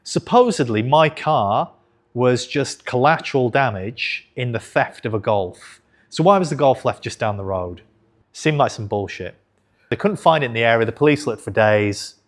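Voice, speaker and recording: A man's voice: mid-range voice, lively intonation, moderate pace. Frank man in his thirties. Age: 30s. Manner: frank, conversational, swears casually, self-corrects. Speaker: investing channel host. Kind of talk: candid storytelling to camera.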